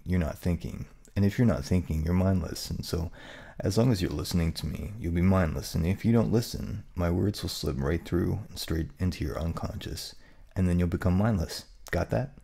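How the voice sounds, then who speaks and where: A young man guides a hypnosis session with a dark, husky tone. His delivery is slow and soothing, built on gentle repetition, with a gravelly edge. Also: low-pitched. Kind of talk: hypnosis induction.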